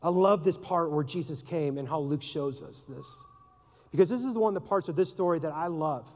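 A man's voice: fairly high pitch, moderate pace, a little mellow. A man preaching a sermon in a conversational way, asking the listeners questions and acting out voices. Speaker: pastor. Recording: long reverb of a large hall.

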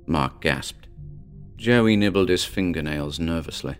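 A man reading a scripted story as narrator in a calm, measured way. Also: extremely low pitch, soft background music.

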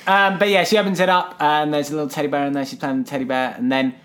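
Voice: medium pitch, steady tone, rapid-fire, a bit bright. A podcast co-host, casually recapping a musical, swearing and laughing as they retell scenes. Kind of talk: casual chat reviewing a musical.

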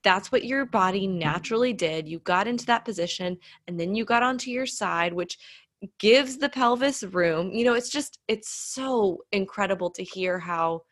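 A woman's voice: mid-range voice, normal speed, fairly bright tone. A woman host in casual chat, listening, laughing along and reflecting thoughtfully.

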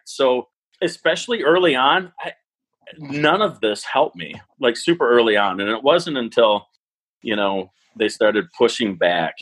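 A man in his forties, a parenting educator, telling stories in an animated, self-deprecating way on an interview. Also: lowish voice, low-quality recording. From Wisconsin, US. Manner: animated, self-deprecating, acts out quoted thoughts. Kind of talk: conversational interview storytelling.

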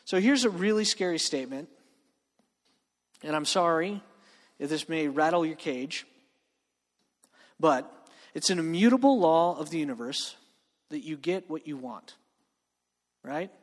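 A man's voice: a little high, animated. Male preacher in an echoing hall. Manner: conversational, asks "right?" often, slows down to stress key words, joking asides. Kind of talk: sermon to students. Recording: long reverb of a hall.

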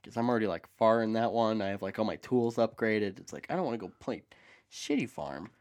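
A man co-hosting a casual chat, rambling excitedly and swearing casually. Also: fairly low pitch, a little fast. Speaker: podcast co-host.

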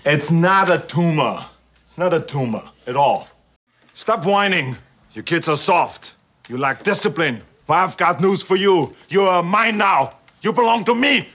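An actor playing a stern police detective stuck teaching kindergarten, barking orders like a drill sergeant. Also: male voice, fairly high pitch, lively intonation, unhurried, fairly bright tone. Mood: scolding. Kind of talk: film dialogue clip.

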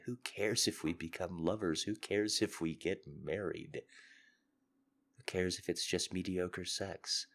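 A man hosting a podcast with a sick, hoarse voice, talking in an intimate confessional monologue. He is earnest and seductive, swinging between loud urging and soft murmurs. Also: sits low. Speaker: podcast host.

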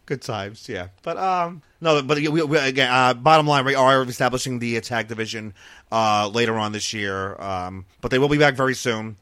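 A man's voice: medium pitch, normal speed, bright, forceful tone, clear, resonant tone, no room sound. A man chatting casually on a wrestling podcast, rambling with lots of fillers and restarts. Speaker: wrestling promotion governor.

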